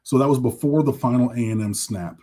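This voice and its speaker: A man's voice: medium pitch, brisk, warm tone. A man co-hosting a sports podcast, talking in a casual, emotional, rambling way with many restarts. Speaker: podcast co-host.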